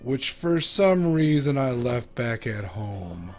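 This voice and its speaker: A young man giving casual gameplay commentary, talking quickly and nervously to himself as he plays. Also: mid-range voice, big pitch swings, a little hiss or hum. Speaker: gaming YouTuber.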